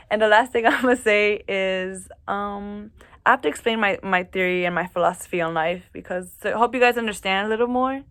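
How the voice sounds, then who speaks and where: Woman vlogger, casual and jittery, mid-pitched, dry close sound. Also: a bit bright, no echo. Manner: chatty, nervous, with fillers and restarts. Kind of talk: casual chat to camera. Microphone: camera mic, reading notes off camera.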